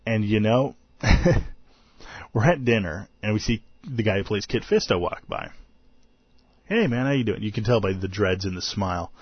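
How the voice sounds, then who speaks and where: A man's voice: fairly low pitch, breathy edge, no echo, highs cut off. A tired man hosting a podcast, recapping a convention in a rambling, self-deprecating way and laughing often. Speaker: podcast host.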